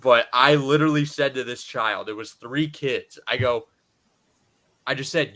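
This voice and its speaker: Animated joking man, bright voice. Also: medium pitch, unhurried. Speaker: podcast co-host. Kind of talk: casual chat.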